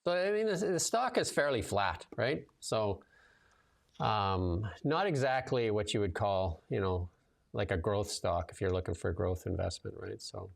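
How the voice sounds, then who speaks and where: A gravelly, lowish male voice at normal speed belongs to a show host and commentator on a casual livestream. His storytelling is lively and chatty, with a relaxed looseness and plenty of filler words.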